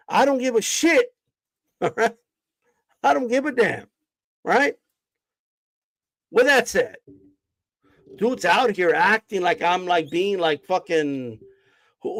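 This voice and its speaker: A man's voice: high voice, no room sound, low-quality recording. A man ranting on a live stream, cursing and confronting his chat in a mocking, combative way. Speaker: boxing streamer. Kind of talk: heated live-stream rant.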